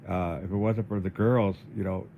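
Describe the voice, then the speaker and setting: A man livestreaming in a casual, halting way, dizzy and weak, often repeating his words. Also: sits low, fairly even intonation, phone-quality sound, slight background noise. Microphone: phone.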